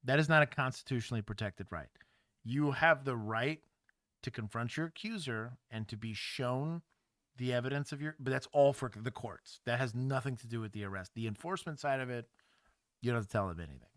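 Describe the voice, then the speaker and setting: A man talks in a wry, explanatory way, chatting casually as a livestream host. His mid-pitched voice sounds close and dry on a studio mic. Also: a little fast, a bit bright, dry recording. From Texas. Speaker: host, former police officer.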